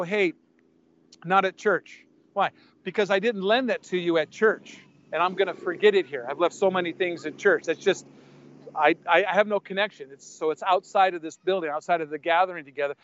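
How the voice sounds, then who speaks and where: A man's voice: sits high, no echo. An older man preaching a sermon, speaking bluntly and conversationally between scripture readings. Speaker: pastor. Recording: dull lo-fi dry sound.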